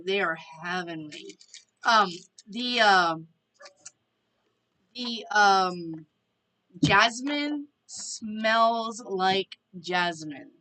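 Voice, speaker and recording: A woman's voice: medium pitch, bright, forceful tone, poor audio. A woman hosting a casual live stream, chatting to viewers and reading their questions aloud. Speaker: tarot reader and live stream host.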